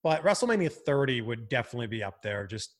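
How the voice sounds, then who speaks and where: A man from Canada who hosts and chats casually, animated and quick to laugh, with lots of fillers. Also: medium pitch. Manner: animated, laughs often, chatty with many fillers. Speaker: broadcaster and host. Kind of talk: casual podcast chat.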